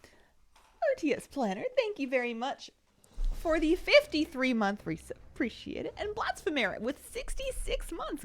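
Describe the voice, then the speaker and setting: A woman's voice: high voice, wildly swooping pitch, moderate pace, a bit bright. A woman streaming from a dim room at home, chatting casually and giggling, sometimes slipping into a baby voice for her pets. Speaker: game streamer. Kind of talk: casual live-stream chat.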